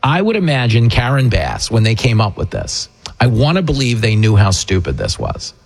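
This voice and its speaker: A man hosting a talk show, ranting with sarcastic, animated, mocking political commentary. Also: mid-range voice, normal speed, vocal fry. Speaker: radio host and comedian.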